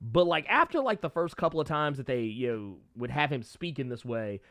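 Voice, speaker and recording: A man's voice: medium pitch, animated, a little fast, a bit bright, no room sound, studio quality. A man co-hosting a podcast, chatting casually about a movie with a joking, profane manner and many restarts. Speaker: podcast co-host. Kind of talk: casual movie review chat.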